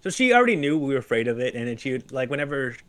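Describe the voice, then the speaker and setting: Male podcast talker, lively storyteller, laughs a lot. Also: mid-range voice, very fast. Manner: lively storyteller, laughs often, acts out quotes. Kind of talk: casual chat.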